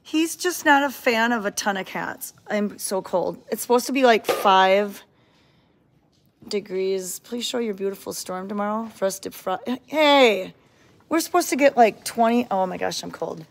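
A woman's voice: medium pitch, animated, moderate pace, creaky. A woman hosting a casual livestream from an indoor cat sanctuary, chatting, greeting viewers by name and cooing at the cats, recorded on a handheld phone.

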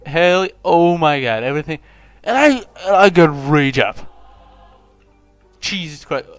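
A young man from Lithuania, a native Lithuanian speaker, giving rambling, self-mocking commentary on his own gameplay, with sudden excited yelps. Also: fairly high pitch, measured pace, clean tone, no room sound, soft background music. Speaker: gaming channel host.

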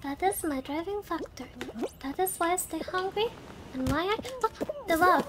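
A woman's voice: very high voice, moderate pace, noisy background. A young woman streaming a game live, talking playfully with melodramatic, mock-heroic declarations and scattering Japanese words into her English. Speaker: VTuber streamer.

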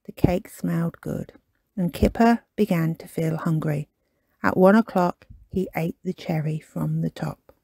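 A woman reading a children's picture book aloud in an expressive, animated way as a storytime host. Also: lowish voice, a little slow, vocal fry, slightly rough, no room sound. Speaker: storytime reader.

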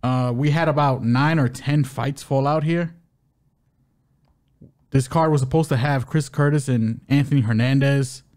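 A man's voice: medium pitch, measured pace, a little mellow. Joking man previewing fights. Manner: loose, joking, trips over names. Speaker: co-host of a fight-betting podcast. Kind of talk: casual podcast chat, fight preview.

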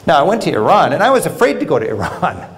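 A man giving a public travel lecture in a university hall, telling stories in an animated way with wry humor. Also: fairly high pitch, quick pace. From United States. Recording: roomy hall sound.

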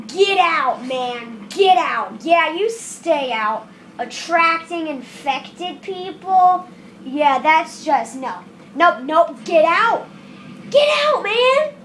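A very high, light voice talks through a tense shooter match at an unhurried pace. She chatters casually, nerves showing, then breaks into excited shouts. The sound comes off a camera pointed at a screen, with faint noise behind. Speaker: gameplay commentator. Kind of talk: casual game commentary. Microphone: camera filming a screen.

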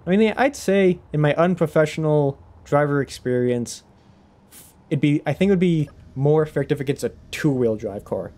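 A man's voice: a little high, animated, normal speed, a little mellow. Rambling young male game streamer. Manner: rambling, self-interrupting, laughs often. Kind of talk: casual live-stream chatter.

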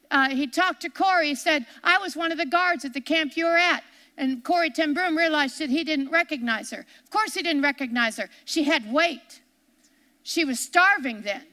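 Woman, very high bright voice, earnest sermon storyteller, hall reverb. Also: normal speed. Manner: earnest, repetitive retelling with restarts. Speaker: television ministry co-host. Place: television studio set.

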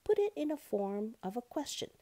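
Woman voicing a breezy storybook butterfly, lilting and unhurried, lively pitch, mellow tone. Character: carefree male butterfly, free-spirited and breezy.

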